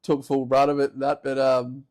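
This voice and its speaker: A man with an Australian accent, a podcast co-host casually telling a story in animated, swear-heavy language. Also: mid-range voice, moderate pace. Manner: animated, profane yarn-spinner.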